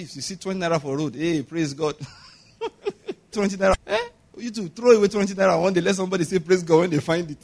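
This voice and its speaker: A man with a Nigerian accent preaching a sermon as pastor, emphatic, asking the congregation questions and chuckling often. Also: fairly high pitch.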